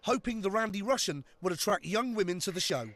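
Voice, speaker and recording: High-voiced excitable English presenter. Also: male voice, brisk, a crowd in the background. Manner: excitable, high-energy and jokey. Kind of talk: comic documentary narration and presenting. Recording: loud music bed under narration.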